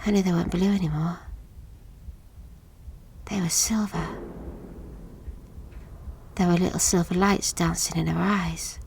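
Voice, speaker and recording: An actress playing a haunted woman, recalling a childhood horror in a halting, hushed audio drama monologue that sinks to whispers. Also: a little high, lively intonation, creaky, full character voice. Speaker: witness recounting an account.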